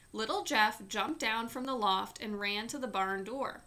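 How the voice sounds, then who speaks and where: Female storyteller, slow unhurried read-aloud, bright tone. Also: on the high side. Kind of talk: read-aloud of a children's book.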